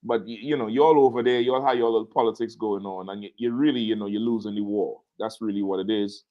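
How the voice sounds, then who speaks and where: A man's voice: lowish voice, fairly even intonation, quick pace, highs cut off. A man hosting a casual talk show, telling a story with energy and acting out the quotes in it. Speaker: show host.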